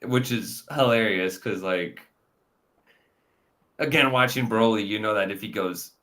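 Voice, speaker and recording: A man's voice: fairly low pitch, unhurried, a bit bright. A man hosting a casual review chat, rambling with lots of fillers and frequent laughs. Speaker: podcast host.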